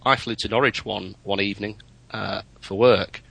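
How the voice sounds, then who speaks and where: A man in casual chat about flying, chatty and anecdotal, getting animated in his stories. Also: fairly low pitch, normal speed, gravelly, breathy edge, low-quality recording. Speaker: podcast co-host, private pilot.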